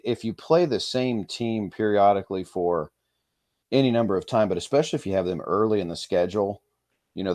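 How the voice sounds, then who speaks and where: A man who coaches high school football, talking in a rambling, easygoing way with lots of fillers and restarts. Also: darkish tone, no echo, studio quality. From Kansas. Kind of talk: casual podcast interview.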